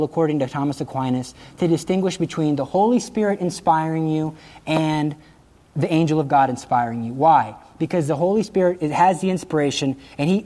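Animated man telling stories in a religious talk. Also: a little high. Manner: animated storytelling, acting out quotes, laughing at his own jokes. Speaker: speaker giving a religious talk. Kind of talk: lively religious talk to an audience.

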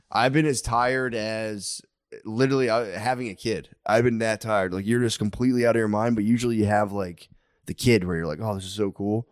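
Low-pitched man, 30s, profane rambling podcast co-host; dry close recording. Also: dry recording. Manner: rambling, profane, laughs often. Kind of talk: casual chat.

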